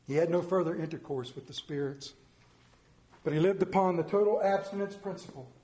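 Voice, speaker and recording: A male pastor with a fairly high voice narrates a story and then leads prayer. He speaks with an earnest, rhythmic preaching cadence, and his voice rings around a roomy church. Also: fairly quick, mellow. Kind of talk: sermon with story reading and prayer.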